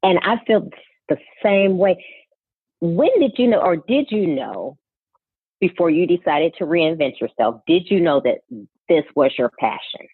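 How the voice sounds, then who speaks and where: A woman's voice: lowish voice, lively intonation, a little slow, slightly rough, dry recording. A woman in her forties hosting a podcast interview, affirming her guest often. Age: 40s. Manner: warm affirming listener, frequent mm-hmms. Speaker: podcast host. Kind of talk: conversational interview. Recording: dry tinny phone-line sound.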